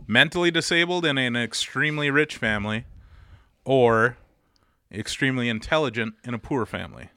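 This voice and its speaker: A man with a bright, forward voice co-hosting a loose podcast chat. He is crude and laughs often as he reads questions aloud. The sound is dry and close to the mic. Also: medium pitch, moderate pace, smooth, no echo. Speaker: podcast co-host. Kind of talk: casual chat.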